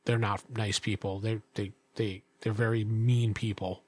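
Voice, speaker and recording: A man voicing a nervous, wary male innkeeper who stumbles over his words in a hushed way. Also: lowish voice, level tone, measured pace, slightly rough, voice pushed down. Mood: fearful.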